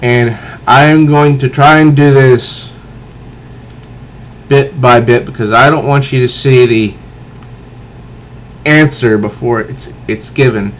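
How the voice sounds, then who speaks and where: A man reviewing a comic book, walking through the panels in a methodical, unhurried way. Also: mid-range voice, fairly even intonation, rough recording. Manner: unhurried, methodical, pauses between phrases. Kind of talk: slow, deliberate comic review, reading panels aloud.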